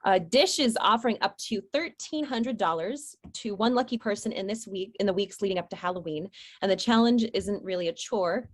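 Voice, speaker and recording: A woman's voice: medium pitch, brisk. A woman presenting horror news headlines on a podcast, reading items and adding casual asides. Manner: reads headlines with chatty asides.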